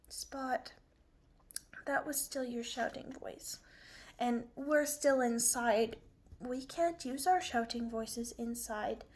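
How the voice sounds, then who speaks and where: A woman teaching young children, slow and clear, encouraging them with exaggerated emphasis. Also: a little high, darkish tone.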